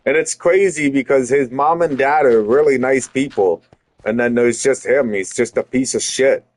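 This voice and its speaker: A man's voice: mid-range voice, moderate pace, no echo. A man streaming, telling an angry story with constant swearing and heated retorts. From Canada. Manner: heated, profane, rising to shouted retorts.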